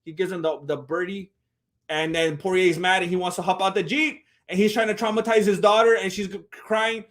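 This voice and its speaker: On a live stream, a young man talks casually about a fight video, his high-pitched voice moving briskly. He acts out the people involved, narrating with lively energy and giving each one a voice.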